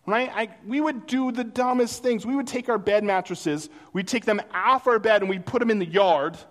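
A man with a fairly high voice delivers a sermon in a casual, storytelling way. He acts out the lines of the people in his stories. His voice carries a long reverb, as from a large hall. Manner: conversational, animated storytelling with acted-out quotes. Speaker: pastor.

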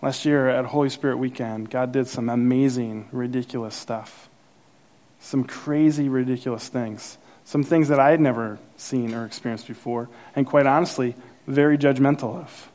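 A man preaching a sermon as pastor, telling a personal story with acted-out quotes and rising excitement. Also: moderate pace. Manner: animated storyteller, acts out quotes, grows louder and higher as the story builds.

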